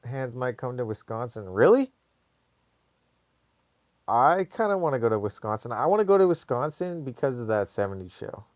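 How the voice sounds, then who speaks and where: A man's voice: mid-range voice, very animated, moderate pace, no room sound, studio quality. A man hosting a casual live stream, rambling in a laid-back way and reading viewer comments aloud.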